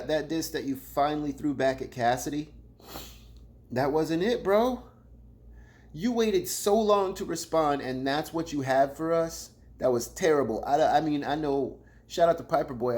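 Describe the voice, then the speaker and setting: A man hosting a loose, slangy battle rap commentary. His voice sits at a middle pitch and swings between loud teasing callouts and quiet, dropped asides. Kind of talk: casual commentary.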